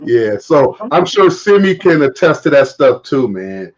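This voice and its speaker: A man's voice: medium pitch, sing-song, measured pace, highs cut off. A man hosting a casual chat, telling funny stories with lots of laughter and acted-out lines. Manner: laughing storyteller, acts out his own shouts. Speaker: host.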